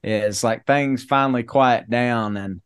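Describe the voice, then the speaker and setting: Podcast dude telling a goofy movie pitch, cussing, dry close sound. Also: male voice, slow pace, smooth, no echo. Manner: drawling, profane, spins mock movie plots. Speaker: podcast co-host. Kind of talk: casual comedic storytelling.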